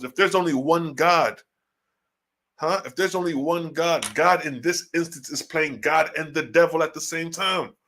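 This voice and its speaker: Man, livestream Bible commentary, slangy preachy talk, rhetorical questions, bright edgy tone, fairly high voice. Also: moderate pace. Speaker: online religious teacher.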